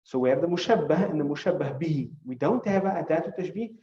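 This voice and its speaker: A man's voice: fairly high pitch, expressive, fast talker, mellow, reverberant, recorded from a distance, lo-fi sound. A male teacher gives a classroom lecture, explaining with examples and putting questions to his students.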